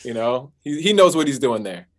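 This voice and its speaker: A man who is a singer, chatting casually as an interview guest, relaxed and easygoing, with many fillers. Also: medium pitch, normal speed. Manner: relaxed, laid-back, with fillers and playful sung bits.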